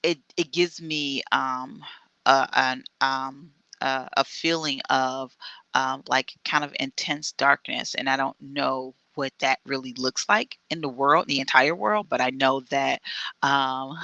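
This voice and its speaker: Middle-aged woman, really bright sharp voice, dry close sound, earnest and halting, lots of restarts, video call. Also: very deep voice, dry recording, lo-fi sound. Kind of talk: casual chat on an online radio show.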